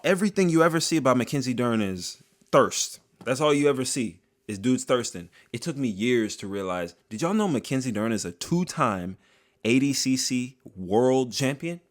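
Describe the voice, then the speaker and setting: A man giving a casual, joking commentary monologue, full of slang and drawn-out asides, as a video creator. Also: medium pitch.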